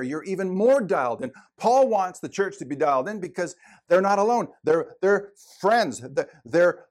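Earnest pastor, fairly high voice. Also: male voice. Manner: earnest and emphatic, repeats words for stress. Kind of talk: sermon.

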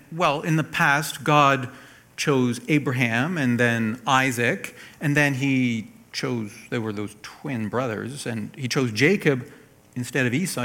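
Going verse by verse through scripture, a preacher with a gravelly mid-range voice delivers his sermon. His volume climbs to stress a point and then drops to a gentle hush.

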